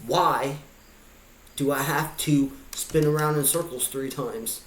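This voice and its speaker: A man's voice: fairly high pitch, slow. A man vlogging a pondering monologue of rhetorical questions. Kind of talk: musing monologue. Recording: echoey room.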